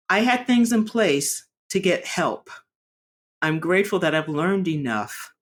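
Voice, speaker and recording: In this candid vlog, a low-voiced woman recounts something from her own life. Her delivery is earnest and thoughtful, with frequent stops and fresh starts.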